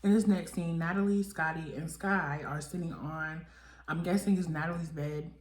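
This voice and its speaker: Low-voiced chatty woman recapping in a roomy space. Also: fairly even intonation, moderate pace. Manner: chatty, filler-heavy, voices the cast in quotes. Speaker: reality TV recap vlogger. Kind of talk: casual episode recap. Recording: echoey room.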